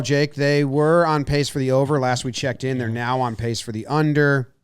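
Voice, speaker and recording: Brief: man, mid-pitch sports podcast co-host, brisk and joking, dry close sound. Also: fairly even intonation, clean tone, dry recording. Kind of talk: casual sports chat.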